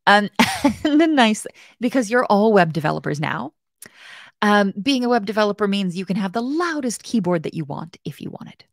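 A woman's voice: mid-range voice, very animated, moderate pace, no echo, clean studio sound. A woman hosting a live web development lesson. She is chatty and playful, mocks herself, and talks straight to viewers in the chat. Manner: chatty, playful and self-mocking. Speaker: web development bootcamp host. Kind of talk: casual live-stream coding tutorial.

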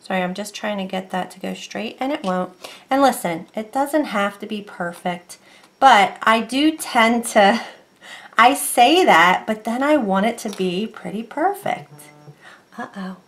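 A woman's voice: medium pitch, lively intonation, a little slow, a bit bright. Woman, casual craft vlogger, rambling and chatty, often breaks off mid-sentence. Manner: rambling, chatty, self-interrupting. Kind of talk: casual crafting tutorial chat.

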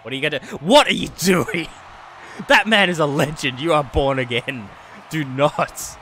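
Commentating a wrestling game on a live stream, a man speaks at normal speed in a bright, sharp voice pitched slightly high. He swears and laughs a lot, swinging from yelling to low muttering, while faint music plays behind him.

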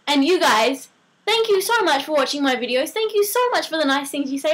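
An eighteen-year-old woman with an Australian accent, chatting excitedly to her vlog camera, giggly and bubbly. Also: high voice, rapid-fire. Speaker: vlogger. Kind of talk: casual chat to camera.

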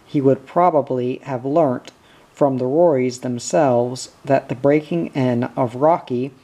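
A man narrating a short story in a measured, deliberate reading. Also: medium pitch, dark tone. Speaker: audiobook reader.

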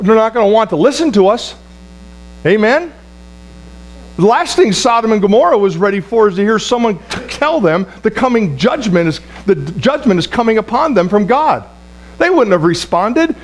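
A man with a notably high voice preaches to his congregation, leaning hard on repeated words and asking for an amen. He stumbles and restarts phrases as he goes. A low electrical hum sits under the recording. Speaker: pastor. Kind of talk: sermon.

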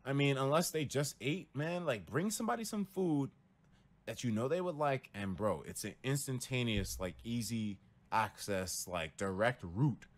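Young man, livestreamer, casual talk to viewers, very lively pitch, acts out quotes, swears a lot. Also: normal speed. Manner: animated storytelling, acts out quotes with big pitch jumps and cursing.

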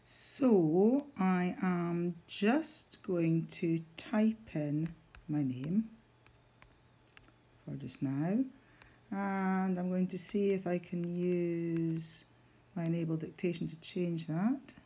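A woman's voice: lowish voice, extremely slow, dark tone, slightly rough. A woman, a teacher walking learners through a device step by step with patient guidance. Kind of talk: instructional screen demonstration.

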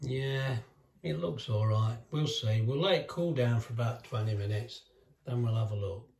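Chatty man with a mellow voice. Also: mid-range voice, normal speed, creaky. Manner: chatty, self-talking, talks with mouth full. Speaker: home cooking vlogger. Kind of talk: casual chatty cooking vlog.

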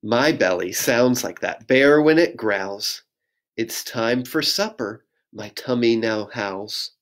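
Slow, lively pastor reading a picture book. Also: male voice, medium pitch. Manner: gentle, sing-song reading with audience prompts. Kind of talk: children's picture book read-aloud.

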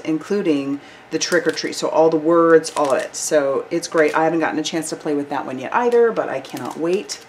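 Low-voiced, bubbly crafting vlogger woman. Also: a little hiss or hum. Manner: bubbly, enthusiastic, chatty with fillers. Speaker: card-making channel host. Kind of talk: product review vlog.

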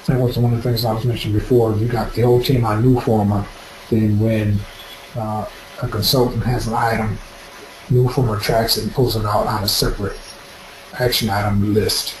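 Male webinar presenter, low-pitched, steady explainer, recorded in a roomy space. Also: moderate pace, slight background noise. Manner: steady, explanatory, practical advice. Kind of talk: instructional webinar talk.

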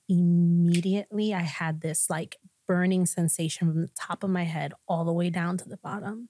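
A woman pastor sharing a personal testimony in a podcast conversation, telling it with animated storytelling. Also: on the low side, moderate pace, dry recording. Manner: animated storytelling, acting out quoted voices.

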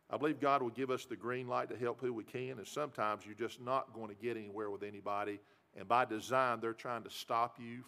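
A man's voice: mid-range voice, creaky, fairly bright tone. A middle-aged man preaching a sermon, folksy and given to repeating himself. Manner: folksy storytelling, repeats words. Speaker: pastor. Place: church.

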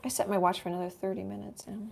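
A middle-aged art teacher who hosts a channel races through her words in a creaky, mid-range voice with little pitch movement, and a slight hiss or hum is audible. She is doing a live painting demo inside her home studio. She chats loosely and muses aloud as she works, often letting sentences trail off.

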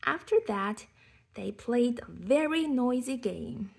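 A woman reading a children's picture book aloud in a soft, half-whispered storytelling manner. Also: fairly high pitch, lively intonation, slow, vocal fry, slightly rough.

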